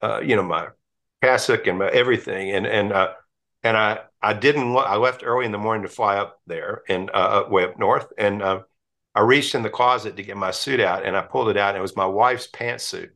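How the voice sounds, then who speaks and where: A man's voice: fairly low pitch, fairly quick, sharp tone. A middle-aged man, a priest and guest, telling stories in casual conversation with frequent restarts. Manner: chatty storyteller, many restarts and laughs.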